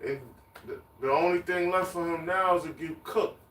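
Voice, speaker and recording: A man's voice: sits high, moderate pace, fairly bright tone, slight background noise. A man preaching on the street, emphatic and repetitive, chanting lists of words. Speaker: street teacher. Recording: echoey, distant mic, faint ambience.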